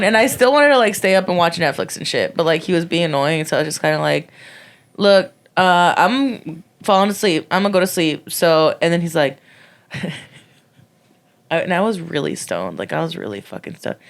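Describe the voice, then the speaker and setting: A woman in her twenties co-hosting a podcast, telling a story casually, swearing freely and acting out quotes in a high voice. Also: lively intonation, moderate pace. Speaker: podcast co-host.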